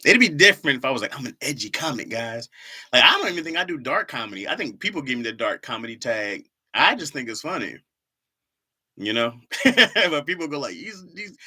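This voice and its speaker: Animated comedian chatting with his live-stream viewers. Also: medium pitch. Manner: animated, laughing, reads comments aloud. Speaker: streamer reading chat. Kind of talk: casual live-stream chat.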